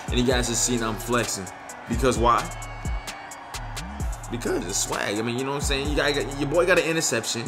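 A young man giving casual, slangy commentary on his own video game play, excitable and frustrated. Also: mid-range voice, a little fast, pauses often, music in the background. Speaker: gaming YouTuber.

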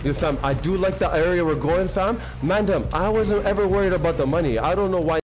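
Frantic, fast-talking male streamer. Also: high-pitched, over music. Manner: frantic, repetitive, excitable. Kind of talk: live gameplay commentary.

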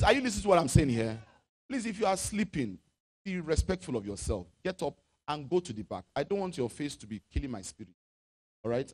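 Dramatic, high-pitched Nigerian-born preacher. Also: male voice. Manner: preaching with dramatic swings from loud shouts to low asides; reads scripture aloud in a chanting, sung tone. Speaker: pastor. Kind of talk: sermon.

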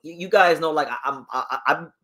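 His voice is a little high, pushed and bright, moving at a slightly fast clip. As host of a casual boxing livestream, he chats, reads viewer comments out loud, reacts, and judges the fighters.

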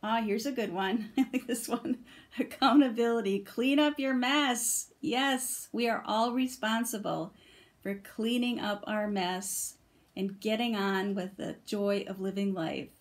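A middle-aged woman in a casual video review, gushing over each card she turns up. Her voice sits at an ordinary pitch, and she laughs often while sharing her delight. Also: steady tone, measured pace. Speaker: vlogger reviewing oracle cards.

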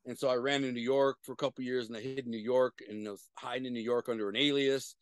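A middle-aged man, a guest on a video-call interview, telling profane street stories in an animated way with sudden loud bursts. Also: mid-range voice, fast talker, clean tone, no room sound. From Detroit, USA. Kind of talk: casual storytelling.

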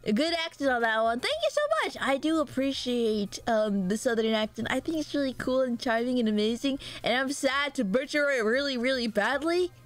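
A woman's voice: high-pitched, brisk, hardly any pauses, faint music behind. A young woman streamer chatting casually and giggling with her viewers. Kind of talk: casual livestream chat.

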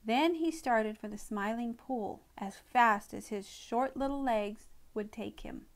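A woman reads a children's animal story aloud in an expressive, gentle manner. Her voice sits a bit high, and she takes her time over every phrase. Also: a little slow. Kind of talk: storybook read-aloud narration.

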